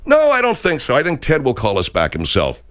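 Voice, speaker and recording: A man hosting a comic radio talk show, animated and quick to backpedal. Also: mid-range voice.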